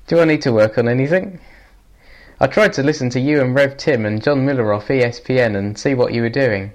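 A man's voice: medium pitch, moderate pace. A man from England sending in a recorded audio greeting to a podcast, in a playful, self-mocking manner.

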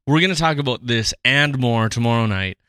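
A man co-hosting a podcast, chatting casually, excitable and jokey. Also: medium pitch, brisk, clear, resonant tone, dry recording, clean studio sound. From Irish descent. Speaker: podcast co-host.

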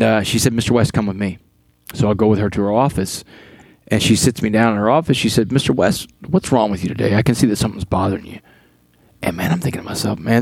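A man from Texas telling his life story as a podcast guest, earnest and animated, acting out dialogue as he goes. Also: fairly low pitch, vocal fry, husky, no echo. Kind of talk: storytelling interview talk.

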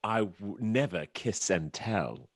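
A flirtatious adventurer, played by a man, talks slyly in a lowish voice that swoops about a lot. He is secretive and laid-back, and he never kisses and tells. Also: big pitch swings, slow, slightly rough, exaggerated voice.

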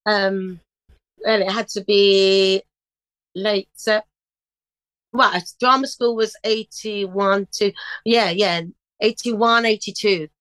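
Animated storytelling woman, dry close sound. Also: mid-range voice, dry recording, rough recording. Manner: animated storyteller, bursts into snatches of song. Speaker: guest singer. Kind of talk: casual storytelling interview.

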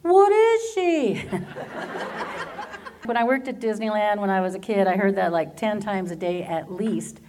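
A woman's voice: mid-range voice, fairly even intonation, a little fast, few pauses, darkish tone, slight background noise. Testimony speaker: American woman, 50s, funny, laughs through her stories. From Southern California, USA. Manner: humorous storyteller who laughs often through her stories. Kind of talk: personal faith testimony.

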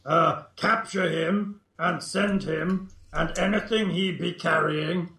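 A man's voice: high-pitched, steady tone, takes it slowly, creaky, sharp tone, roomy sound, slight background noise, heavily acted. A man voicing a male goblin captive who talks in broken, clipped grammar in a tabletop game. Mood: informing.

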